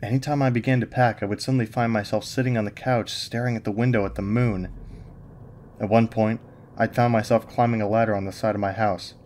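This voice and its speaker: A man's voice: lowish voice, steady tone, a little fast, darkish tone, slight background noise. A man narrating a first-person horror story in a grim, haunted way.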